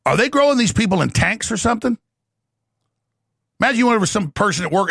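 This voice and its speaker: Gravelly bright-voiced guy ranting hard, dry close sound. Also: sits high, no room sound. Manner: excitable, shouting, rapid-fire. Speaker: talk show host. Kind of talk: ranting monologue.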